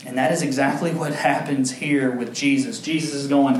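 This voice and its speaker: A young adult man preaching a sermon as pastor, earnest and emphatic, telling stories with lively acted quotes. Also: normal speed, hardly any pauses. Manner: animated storytelling with acted quotes, big pitch jumps. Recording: echoey room with faint ambient noise.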